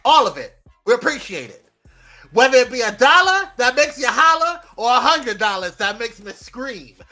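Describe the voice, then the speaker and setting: Brief: male morning show host, bright forceful voice, rattles off viewer shout-outs with energy, faint music underneath. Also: very high-pitched, normal speed. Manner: lively, greets viewers by name one after another. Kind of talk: live morning show chat.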